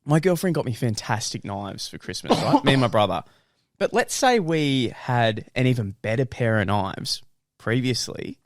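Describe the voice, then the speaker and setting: A young man chats casually on a podcast, laughing often and swearing through his stories. His pitch swings around lively. The sound is dry and close. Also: normal speed, dry recording. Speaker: podcast co-host. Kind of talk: casual chat.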